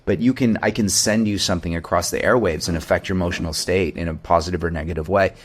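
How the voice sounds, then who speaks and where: Deep-voiced reflective man. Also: steady tone, quick pace. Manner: reflective, meandering with many restarts. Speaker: video game composer. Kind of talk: conversational interview.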